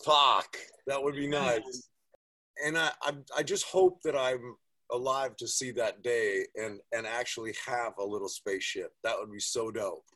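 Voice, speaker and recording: A man with a husky, slightly rough voice, swearing freely in a relaxed podcast chat. His voice sits in a middling pitch, and his storytelling is animated. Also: unhurried. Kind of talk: casual podcast conversation.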